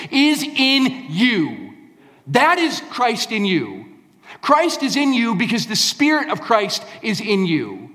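A man's voice: high-pitched, fairly bright tone. Male pastor, emphatic sermon delivery, echoing hall. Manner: emphatic preaching, repeating key phrases.

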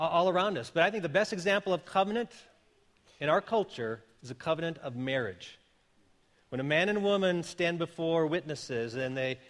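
A man's voice: on the high side, a bit bright. A man in his fifties preaching a sermon as a pastor, talking in an earnest, conversational way with frequent restarts. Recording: long hall reverb.

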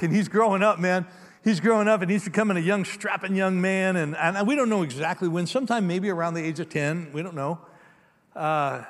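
Male pastor, slightly high voice, conversational sermon, long hall reverb. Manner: conversational storytelling, swinging between emphatic and hushed.

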